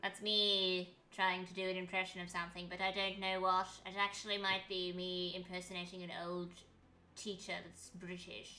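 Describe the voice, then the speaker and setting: A woman's voice: lowish voice, level tone, normal speed, pushed and bright, a little hiss or hum. A young woman streaming a game, chatting in a rambling way and swearing freely. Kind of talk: casual chat while gaming.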